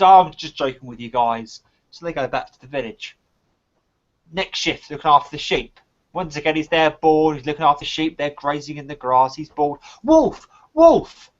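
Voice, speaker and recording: A man with a high voice chats casually on a live stream, turning his advice into a told fable with dramatic stresses. The sound is dull and lo-fi, like a web call. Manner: patient, explanatory storyteller with lively dramatic emphasis. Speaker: co-host of a live online chat.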